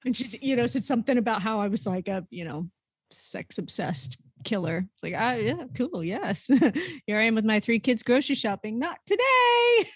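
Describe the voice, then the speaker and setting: A woman in her thirties chats playfully as podcast co-host, a mid-pitched voice with no stretch of pitch to either side. The sound is dry and close. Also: animated, brisk, breathy edge, dry recording. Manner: laughs often, chatty and playful. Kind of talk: casual chat.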